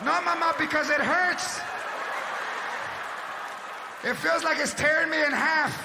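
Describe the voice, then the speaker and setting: A man voicing a loud, brassy middle-aged aunt at a party, shrill and mixing Spanish into her English. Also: fairly even intonation, a little slow, vocal fry, reverberant, exaggerated voice. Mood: shrill protesting. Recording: live stage with audience crowd noise.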